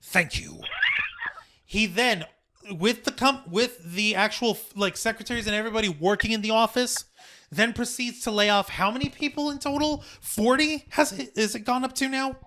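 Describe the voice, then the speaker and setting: A man's voice: very high-pitched, moderate pace. A man co-hosting a podcast in a casual, sarcastic, swearing chat. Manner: animated, sarcastic, swears freely. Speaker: podcast co-host.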